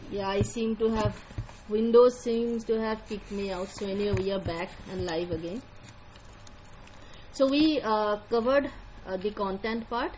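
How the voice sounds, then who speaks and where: A woman's voice: medium pitch, fairly even intonation, measured pace, darkish tone, highs cut off, a little hiss or hum. A woman with an Indian accent, an admissions counselor giving a live online lecture in a directive way, repeating her key points.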